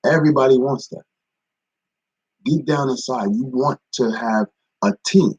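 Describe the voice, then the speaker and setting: In a live-streamed devotional, a ministry speaker talks casually in a mid-range voice that is a little slow, a little mellow and slightly rough. He repeats phrases and greets viewers by name. The recording is muffled, with no room sound.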